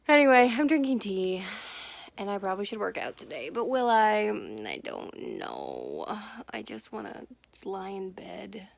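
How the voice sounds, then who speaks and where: A woman's voice: medium pitch, expressive, unhurried, vocal fry, fairly bright tone. A woman in her twenties chatting casually in a reading vlog at home, swearing freely and now and then dropping to a whisper. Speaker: book vlogger. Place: at home, in bed and in a messy room.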